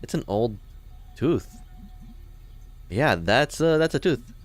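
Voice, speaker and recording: A man's voice: mid-range voice, sing-song, slow, soft background music. A young man from the Midwest, casually commenting and joking as he plays through a video game. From Chicago, US Midwest. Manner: joking, talks back to the game characters. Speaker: let's play host.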